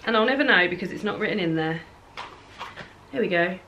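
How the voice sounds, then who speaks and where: A woman's voice: lowish voice, expressive, fairly quick, highs cut off, a little hiss or hum. A young woman giving a casual, rambling tour of her bookshelf, with lots of ums and restarts. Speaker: book vlogger. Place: home, at a bookshelf.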